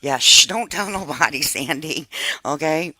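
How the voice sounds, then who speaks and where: Bright-voiced woman chatting loosely on stream. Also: sits low, unhurried, no echo. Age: 50s. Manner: animated, swears freely, confides to chat. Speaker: live stream host. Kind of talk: casual live-stream chat.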